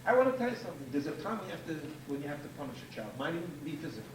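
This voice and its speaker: A man's voice: on the high side, sing-song, very fast. A man giving a rabbinic lecture to an audience, emphatic and repeating key phrases for force. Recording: echoey room, distant mic, faint hiss.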